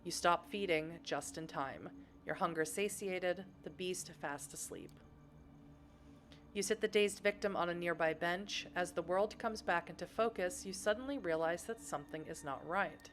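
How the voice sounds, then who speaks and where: A woman's voice: on the low side, moderate pace. A young woman streaming a narrative game, reading its text aloud and chatting with her viewers between passages.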